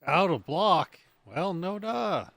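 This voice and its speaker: A man's voice: high-pitched, expressive, takes it slowly, gravelly, fairly bright tone, no echo, clean studio sound. A man streaming a building game, talking to himself in a casual, rambling way and humming under his breath. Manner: mutters and hums to himself while building. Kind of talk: casual gameplay commentary.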